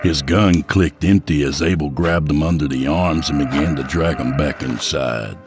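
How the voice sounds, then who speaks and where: A man narrating a dark story in a measured, grave voice. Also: extremely low pitch, faint music behind. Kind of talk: dramatic audiobook narration. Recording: gunfire sound effects behind.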